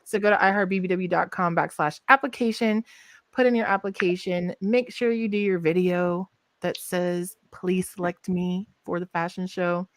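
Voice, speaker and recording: A woman hosting a casual group chat, teasing the others and laughing often, clearly the one in charge. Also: fairly low pitch, fairly even intonation, moderate pace, no echo. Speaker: host, company owner.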